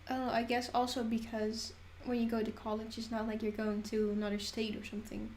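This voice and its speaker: A woman in her twenties with a Dutch accent, chatting softly and hesitantly on a livestream. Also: fairly high pitch, completely flat delivery, fast talker, roomy sound. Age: 20s. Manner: soft-spoken, hesitant. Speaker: guest. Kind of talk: casual livestream chat. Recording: faint background noise.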